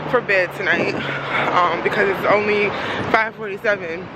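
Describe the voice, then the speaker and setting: A young woman chats casually in a vlog, laughing often as she tells a story and sometimes sounding out of breath. Her mid-range voice has fairly even intonation at normal speed, and loud street noise fills the background.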